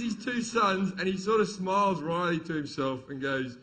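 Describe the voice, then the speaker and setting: A middle-aged man does stand-up, spinning a crude, swear-laden family story. His voice sits high and rings bright. He tells it in an animated way. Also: moderate pace, hardly any pauses. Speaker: stand-up comedian. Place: comedy stage.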